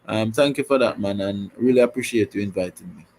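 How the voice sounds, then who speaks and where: A man's voice: fairly low pitch, fairly quick, a little mellow, low-quality recording. A man, a guest on a talk show, speaking earnestly and often repeating words as he finds them. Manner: repeats himself while finding words, earnest. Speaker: guest commentator. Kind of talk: casual talk show chat.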